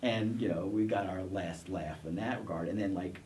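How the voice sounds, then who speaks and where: A man's voice: sits low, moderate pace, a little mellow, distant mic, a little hiss or hum. A middle-aged man, a professor, telling his career story in a casual interview, rambling with restarts and self-deprecating chuckles. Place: college TV studio.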